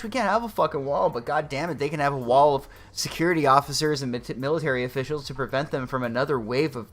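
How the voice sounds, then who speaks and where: A man's voice: mid-range voice, quick pace, hardly any pauses, fairly bright tone, soft background music. A man hosting a casual livestream, ranting sarcastically and swearing often. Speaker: livestream host.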